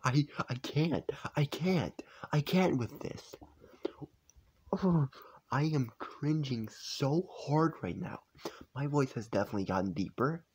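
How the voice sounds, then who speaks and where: A young man reacting to his own old videos in a hushed, half-whispered voice, incredulous and amused. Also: mid-range voice, husky. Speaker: YouTuber. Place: home at night.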